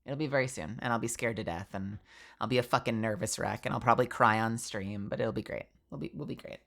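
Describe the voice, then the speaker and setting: This young female VTuber has a rumbling low, gravelly voice and speaks at a quick pace. Stuffy-nosed and animated, she rambles casually on stream, leaning heavily on "like" as filler.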